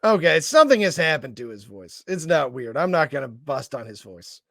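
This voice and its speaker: A man's voice: on the high side, big pitch swings, normal speed, creaky, a bit bright, no echo, clean studio sound. A man co-hosting a comedy podcast, reacting to clips with sarcastic jokes. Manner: sarcastic, joking. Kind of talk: casual comedic reaction commentary.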